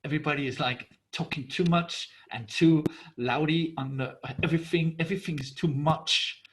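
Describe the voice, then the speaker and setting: A man from Denmark, a native Danish speaker, telling a folktale in English with a playful, animated manner. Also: on the high side, moderate pace, noisy background. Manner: animated, playful, laughs often. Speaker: storyteller. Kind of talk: oral storytelling to an audience.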